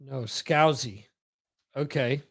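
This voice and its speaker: Here the host has a medium, somewhat bright voice and takes his time. He's a man on a live-stream podcast who chats loosely, repeats words, and reads viewer comments out.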